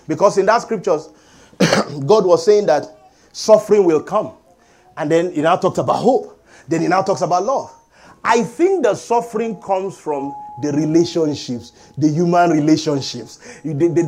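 A middle-aged man preaching a sermon as pastor, animated and calling for amens from the congregation. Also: on the high side, moderate pace. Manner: animated preaching with call-and-response.

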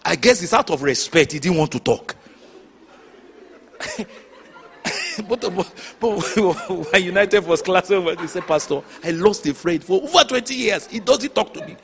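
Male pastor, lively swinging pitch, slightly high voice, light background noise, dramatic storyteller. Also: unhurried, pauses often. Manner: animated storytelling with sudden shouts and hushed asides. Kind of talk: sermon.

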